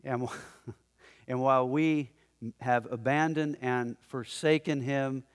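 A man preaching a sermon in a conversational, animated way, often chuckling as he talks to the congregation in the room. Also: mid-range voice, slow pace, clean tone. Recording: long hall reverb.

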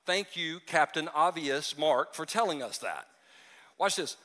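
A man's voice: a little high, animated, normal speed, a bit bright. A man preaching a conversational sermon as pastor, with joking asides and acted-out voices, in a church hall.

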